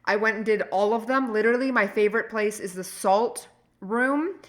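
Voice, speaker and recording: Bright-voiced woman telling a rambling story. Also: medium pitch, moderate pace. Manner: rambling, animated storytelling with many restarts. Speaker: podcast co-host. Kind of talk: casual chat.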